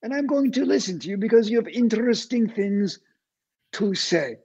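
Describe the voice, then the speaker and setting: A husky-voiced man with a high voice putting on a blunt, stern woman therapist with an Israeli accent, speaking slowly in a clipped, scolding way. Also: expressive, a little mellow, dull audio, full character voice.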